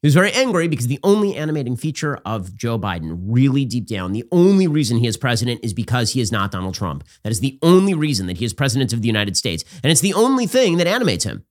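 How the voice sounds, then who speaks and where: A man hosting a political commentary show, talking in a sarcastic, rapid-fire, mocking way. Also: medium pitch, big pitch swings.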